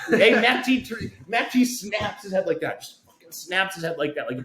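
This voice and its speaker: A man co-hosting a podcast, telling a long rambling story full of fillers and acting out the quotes with big swings in his voice. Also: moderate pace. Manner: animated, acts out quotes with big pitch swings, many fillers. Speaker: podcast co-host. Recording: roomy echo.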